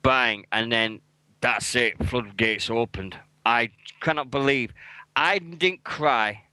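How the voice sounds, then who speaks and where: A man's voice: medium pitch, slow pace, sharp tone, clean tone, dry recording, low-quality recording. Blunt, sweary British man in his forties. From England. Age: 40s. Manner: swears a lot, blunt and emotional. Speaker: radio co-host. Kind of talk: casual podcast chat.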